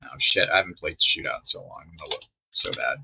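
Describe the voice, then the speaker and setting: Young adult man, gamer telling a story, very bright tone, rambling and profane, muffled lo-fi mic. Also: sits low, fast talker, vocal fry, a little hiss or hum. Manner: rambling, swearing, trailing off mid-sentence. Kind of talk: casual storytime while playing a game. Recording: dull lo-fi mic.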